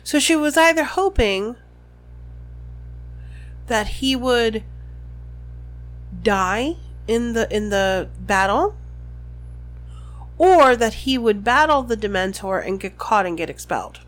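A woman co-hosting a casual book podcast, reading passages aloud and reacting with animated comments. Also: fairly high pitch, slow, long pauses. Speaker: podcast co-host. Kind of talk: casual book recap chat.

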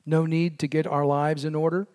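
A man preaching a sermon in an earnest way, his voice dropping to a hush on key lines. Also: on the high side, flat delivery, normal speed, long reverb tail. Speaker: pastor.

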